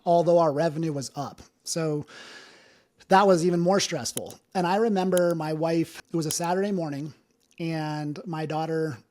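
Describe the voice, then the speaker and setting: A man's voice: fairly high pitch, fairly even intonation, normal speed, darkish tone. A man in his thirties telling his own life story in an interview, earnest and emotional, with many fillers. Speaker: interview guest, business owner. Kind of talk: candid personal storytelling.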